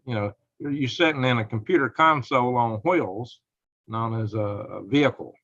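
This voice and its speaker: A man's voice: mid-range voice, moderate pace, fairly bright tone, no echo. A man hosting a live show, talking in a rambling, speculative way with frequent chuckles. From United States. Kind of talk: rambling live-stream commentary. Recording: dull lo-fi dry sound.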